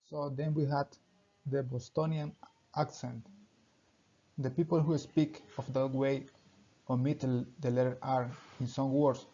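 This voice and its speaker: A young student presenter reads his class presentation aloud in short, halting phrases, occasionally tripping over grammar. His medium-pitched voice is dark, mellow and flat, and the recording is dull and lo-fi.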